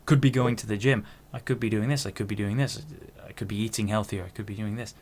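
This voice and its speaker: A man's voice: lowish voice, steady tone, fast, a little mellow, slight background noise. A man in his twenties hosting a podcast, talking in a rambling, self-interrupting solo monologue with casual swearing. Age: 20s. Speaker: podcast host.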